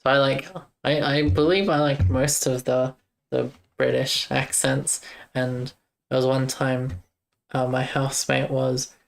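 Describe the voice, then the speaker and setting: Young aussie game dev streamer, flat gravelly voice, rambling, thinking out loud while coding. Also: mid-range voice, a little slow. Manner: rambling, thinks aloud, chats with viewers. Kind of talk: casual live-stream chat while coding.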